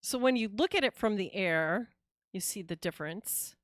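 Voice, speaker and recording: A woman with a medium-pitched, lively voice streams a game live at a normal speed, chatting casually and expressively with her viewers. She reacts with laughs and sighs throughout this casual gaming chat. The audio is studio quality with no echo.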